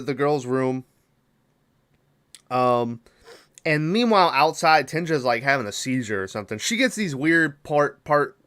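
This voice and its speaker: This podcast host has a smooth, medium-pitched voice with a bit of brightness. He recounts a movie casually and profanely, drifting off track and going back over the details he forgot.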